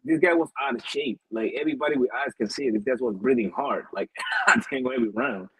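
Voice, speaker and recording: Husky animated man, gravelly voice. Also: mid-range voice, quick pace, no room sound, poor audio. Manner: animated, profane, laughs often. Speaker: boxing podcast co-host. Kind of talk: casual chat.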